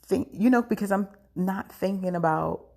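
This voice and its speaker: A woman's voice: medium pitch, moderate pace, vocal fry, a little mellow. A woman telling her own story in a chatty, scattered way, acting out what others said, while she is in pain. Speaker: podcast host. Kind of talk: casual storytelling.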